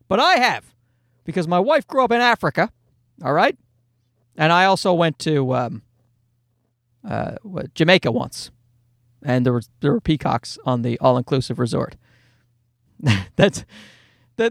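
A middle-aged man doing a stand-up comedy routine, telling an exasperated story about his kids with loud acted-out asides. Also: high-pitched, big pitch swings, normal speed, long pauses, no room sound, studio quality.

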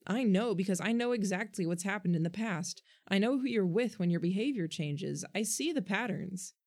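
A woman voicing a gentle, earnest boy who speaks firmly and thoughtfully in a storybook reading. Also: mid-range voice, animated, normal speed. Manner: gentle but firm, earnest.

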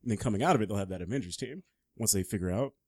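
A man on a casual podcast who talks quickly in a lowish voice and explains at length. He swears freely as he goes. The recording is dry and close. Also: a little mellow, dry recording. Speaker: podcast co-host. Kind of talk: casual chat.

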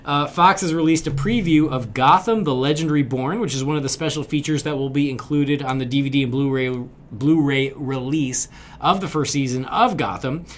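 A man's voice: a little high, moderate pace. A man co-hosting a podcast, casually running through news with an upbeat, wry manner. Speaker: podcast co-host. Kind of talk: casual chat.

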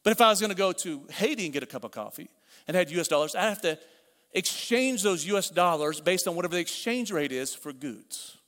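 Middle-aged male pastor, high voice, chatty preaching with repetition, church hall with long reverb. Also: expressive, brisk, a bit bright. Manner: conversational preaching with repeated phrases and asides. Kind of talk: sermon.

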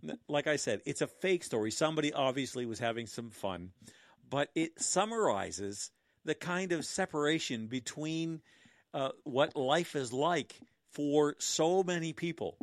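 A man's voice: on the high side, animated, a little slow, no echo, studio quality. A middle-aged man telling stories in a casual monologue, with a sardonic, mocking tone and chuckling asides.

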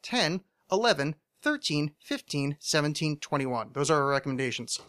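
Young guy cohosting a tv podcast, bright kinda high voice, rambly and jokey. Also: very animated, moderate pace. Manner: rambling, joking, many restarts. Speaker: podcast co-host. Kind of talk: casual chat about a TV show.

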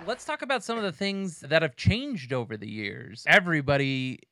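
A man's voice: on the high side, very animated, moderate pace, pushed and bright, slight background noise. A man hosting a casual podcast, asking his co-host questions. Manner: inquisitive, asks questions.

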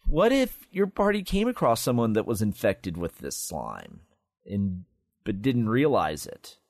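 A man with a lowish, slightly slow voice co-hosts a tabletop game podcast, chatting casually about a monster and walking through its rules and stats. He explains things in a lively way, reading the game stats aloud. The recording is dry, with clean studio sound.

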